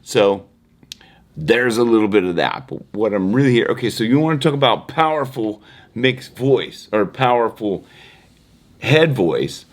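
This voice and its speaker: Low-voiced male vocal mentor. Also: lively intonation, unhurried. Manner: conversational, demonstrates singing, walks around the room. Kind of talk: casual vocal lesson to camera.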